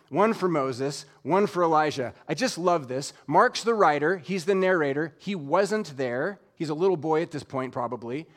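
A man preaching a sermon, expressive, dropping soft and low when he quotes scripture. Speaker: pastor.

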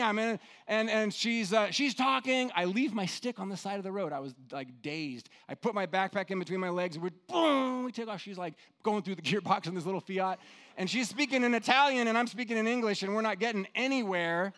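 A man preaching a sermon, telling a story with lively acted-out quotes and dropping to hushed tones for emphasis. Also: high-pitched, brisk. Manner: animated storyteller, acts out quotes, drops to soft hushed tones. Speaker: pastor.

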